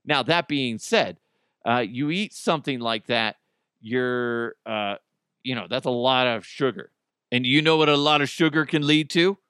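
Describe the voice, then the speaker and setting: A man's voice: medium pitch, normal speed, fairly bright tone, clear, resonant tone, no echo, studio quality. A middle-aged man hosting a podcast in casual chat, rambling and joking, swearing freely and laughing often. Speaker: podcast host.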